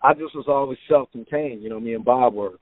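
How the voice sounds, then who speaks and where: A man guest telling relaxed stories about making records, filling his talk with "man" and "you know". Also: mid-range voice, fairly quick, no room sound. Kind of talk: casual interview storytelling. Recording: phone-like narrow sound.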